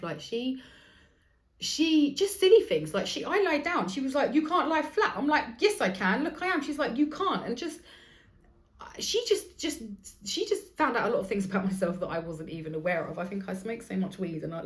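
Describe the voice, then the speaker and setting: A podcast host in her 40s with a mid-range, somewhat mellow voice tells stories in a casual monologue. She's chatty, swears freely, and acts out other people's lines.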